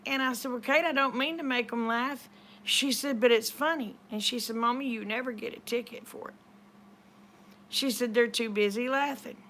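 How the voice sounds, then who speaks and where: A woman's voice: on the high side, moderate pace, fairly bright tone. Lady rambling thru a story, lotsa "she said", bit of hiss behind. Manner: chatty, retells conversations with lots of "she said". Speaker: vlogger. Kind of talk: casual storytelling.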